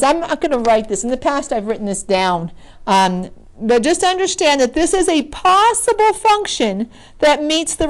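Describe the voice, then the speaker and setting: A woman teaching a math lesson, chatty and self-correcting as she thinks aloud while working. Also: high voice. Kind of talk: recorded screen lesson.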